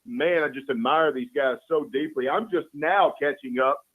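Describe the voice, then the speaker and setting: A man's voice: a little high, normal speed, slightly rough. A man calling in as a guest, talking in an easygoing, earnest way, often saying "man". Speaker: guest, caricature artist. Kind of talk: casual chat. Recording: tinny phone line.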